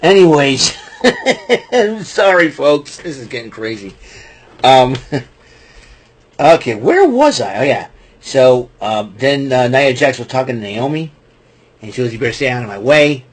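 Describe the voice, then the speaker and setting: A man giving a rambling, casual wrestling recap, chuckling often and filling pauses with ums and restarts. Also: medium pitch, very animated.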